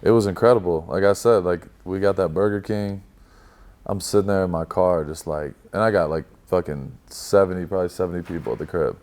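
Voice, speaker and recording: A man's voice: sits low, a little fast. A young man telling a story as a guest in a casual chat, swearing freely and acting out his own past lines. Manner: profane, animated storyteller.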